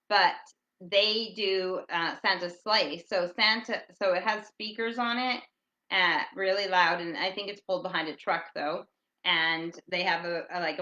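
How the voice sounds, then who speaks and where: Loud, bright-voiced rambling woman. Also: fairly low pitch, echoey room, muffled recording. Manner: rambling, chatty, reading out listener comments; talks loudly. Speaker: podcast host. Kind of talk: casual rambling chat. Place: at home in England.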